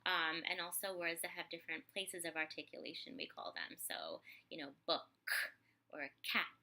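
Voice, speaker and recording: A woman explaining speech therapy techniques to parents in a relaxed way, with many fillers, often stretching words out slowly to show their syllables. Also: low-pitched.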